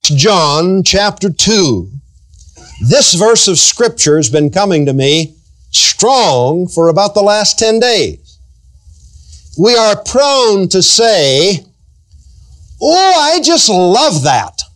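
A man's voice: high voice, expressive, fairly bright tone. A male pastor preaching a sermon, stretching out key phrases and acting out everyday sayings. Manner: drawn-out emphatic preaching, acting out everyday quotes.

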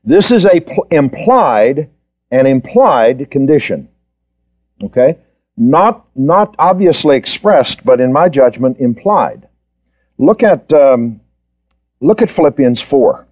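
Lively mellow-voiced man teaching Scripture. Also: mid-range voice, takes it slowly. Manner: questioning the class, repeating points for emphasis. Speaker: Bible teacher. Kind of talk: Bible study lecture.

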